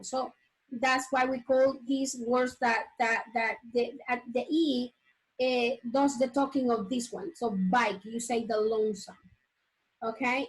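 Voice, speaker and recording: A woman teaching a phonics lesson, whose first language is Spanish. She says words slowly and repeats them, restarting often and checking with the class. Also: high-pitched, low-quality recording.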